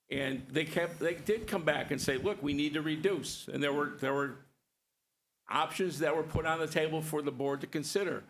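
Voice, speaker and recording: A man's voice: a little high, vocal fry, fairly bright tone, a little hiss or hum. A man on a school board arguing his point at a public meeting, emphatic and repetitive, stacking points one after another.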